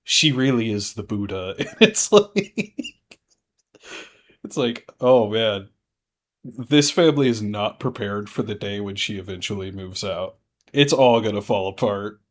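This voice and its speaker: A man's voice: lowish voice, expressive, measured pace. A man chatting casually on a podcast, joking loosely and laughing often. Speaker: podcast panelist. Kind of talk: casual chat.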